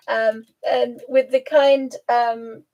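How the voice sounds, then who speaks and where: A woman's voice: a little high, darkish tone, rough recording. A woman hosting a casual live stream, chatting and cooing at her pet and laughing often. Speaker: host.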